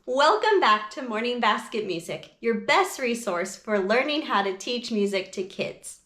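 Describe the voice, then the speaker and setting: Woman teaching kids music, talks real slow and clear, voice a bit high, echoey room. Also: animated, fairly bright tone. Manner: slow, clear, patient explaining. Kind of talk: teaching lesson for parents and teachers.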